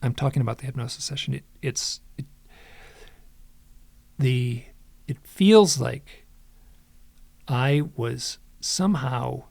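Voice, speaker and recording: A man's voice: mid-range voice, slow pace, gravelly, long pauses, darkish tone, no echo. A man who is a podcast guest and author, retelling an experience with dramatic quoted dialogue and frequent restarts. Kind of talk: animated storytelling in conversation.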